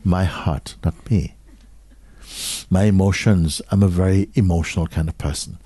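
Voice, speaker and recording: Deep mellow guy teaching at a satsang, slow and calm, dry close sound. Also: no room sound. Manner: slow, measured, with soft hushed passages. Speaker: spiritual teacher. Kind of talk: satsang talk.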